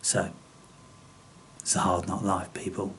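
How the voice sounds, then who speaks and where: A man's voice: deep voice, level tone, a little slow, fairly bright tone, a little hiss or hum. A man hosting a spiritual video channel, ranting bluntly at his viewers and swearing constantly with scorn.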